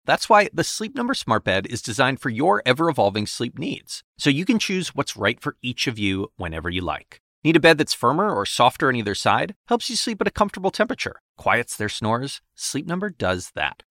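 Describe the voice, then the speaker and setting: Ad read by a guy, lively up-and-down pitch, dry close sound. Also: dry recording. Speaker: ad announcer. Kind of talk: scripted ad read.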